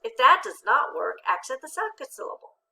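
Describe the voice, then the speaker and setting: Bright, gravelly-voiced woman teaching phonics. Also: sits high, big pitch swings, rough recording. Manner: patient, encouraging, reads syllables aloud slowly and clearly. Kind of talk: phonics lesson.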